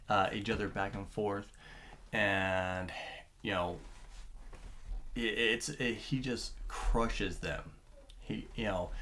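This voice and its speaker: A man recapping a book in a casual, rambling review, full of fillers and restarts and getting excited as he retells it. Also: fairly low pitch.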